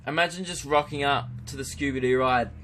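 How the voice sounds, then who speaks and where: A man's voice: medium pitch, brisk, a bit bright, slight background noise. A young Australian man hosting his own podcast, rambling and crude, poking fun at himself. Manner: rambling, crude, self-mocking. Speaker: podcast host. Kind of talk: casual podcast monologue.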